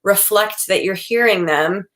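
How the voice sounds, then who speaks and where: A woman's voice: mid-range voice, a little slow, a bit bright. Chatty woman therapist in her forties. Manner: chatty, acts out quoted dialogue. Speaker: psychotherapist. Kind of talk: casual expert advice talk.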